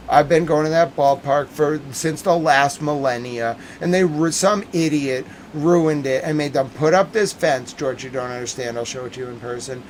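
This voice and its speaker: Slight background noise and poor audio accompany a young American man from around Boston as he rants on his casual talk stream. His mid-range voice is heated and exasperated, and he swears and shouts frequently.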